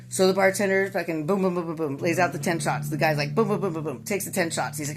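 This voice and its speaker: Woman with a lowish voice telling a swearing bar joke, casual and animated. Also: fast, hardly any pauses, over music. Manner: profane, animated storytelling.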